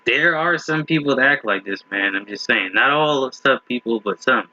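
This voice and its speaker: An expressive male host with a bright, forceful, medium-pitched voice talks at normal speed in a dry recording. His casual reaction video, recorded at home and slightly muffled, has him rambling, restarting sentences and laughing at clips.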